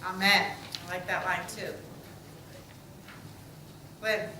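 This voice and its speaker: A woman rabbi guides a small group discussion, calling on people by name and answering warmly with light jokes. She is picked up from across an echoey room, and the air is full of background hiss. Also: lowish voice, steady tone, takes it slowly, recorded from a distance. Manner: warm, affirming, lightly joking. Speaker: rabbi leading a study group. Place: synagogue meeting room.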